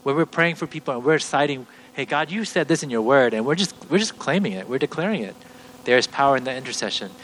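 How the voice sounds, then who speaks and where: A middle-aged man preaching in an earnest, step-by-step teaching voice that keeps circling back and restarting its sentences. His voice sits at an ordinary male pitch, with a faint hum in the background. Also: animated, fast talker, fairly bright tone, poor audio. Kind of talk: teaching sermon.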